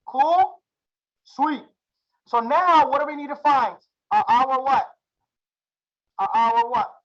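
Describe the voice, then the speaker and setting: A man's voice: very high-pitched, lively intonation, slow, muffled recording. A young man teaching a live chart-reading class, slangy and hyped, drilling his students with repeated questions. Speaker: trading instructor.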